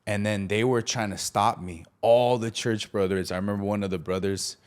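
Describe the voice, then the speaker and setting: A man's voice: fairly low pitch, moderate pace, clean tone. A young man hosting a podcast, telling a personal story in a casual, slangy way and acting out what others said. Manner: animated, acts out the quoted lines of others; casual, slangy, many fillers. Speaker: podcast host.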